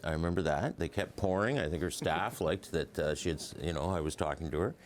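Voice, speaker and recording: A man's voice: sits low, quick pace, a little hiss or hum. A man, a historian, telling anecdotes as a guest in a news interview, chatty and often chuckling. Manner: chuckling, loose and chatty with many fillers.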